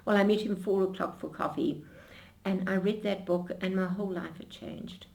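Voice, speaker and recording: An older woman being interviewed, telling her memories in an animated storytelling way with frequent restarts. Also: mid-range voice, normal speed, vocal fry.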